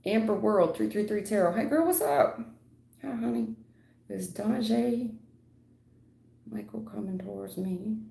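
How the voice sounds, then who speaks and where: A woman's voice: medium pitch, a little slow, gravelly, long pauses, dark tone, slight background noise. A woman giving blunt live tarot readings to viewers, calling them honey and sweetheart, lecturing and keeping it real. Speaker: tarot reader. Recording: echoey room.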